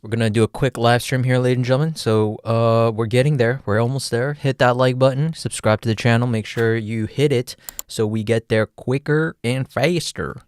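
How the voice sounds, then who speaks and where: A man's voice: medium pitch, fairly even intonation, normal speed, clean tone, no room sound, clean studio sound. A man hosting a casual livestream, talking in a jokey, playful way and chuckling often. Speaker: livestream host.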